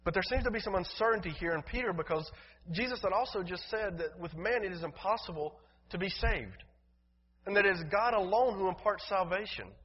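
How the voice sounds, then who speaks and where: A male pastor preaching a sermon in a church, emphatic, swinging from loud declarations to soft, low passages. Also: animated, fairly quick, husky. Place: church sanctuary. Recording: dull, reverberant hall sound.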